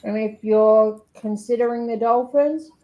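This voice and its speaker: A woman co-hosts a livestream and chats in a curious, easygoing way. Her voice sits a little higher than most. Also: steady tone, unhurried, muffled recording. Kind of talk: casual chat on a livestream.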